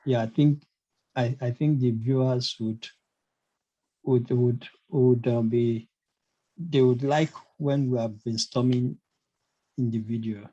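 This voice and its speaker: A man's voice: mid-range voice, steady tone, slow pace, pauses often, warm tone, muffled recording. A man teaching a casual online language lesson, hesitant, with many fillers and restarts. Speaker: German teacher.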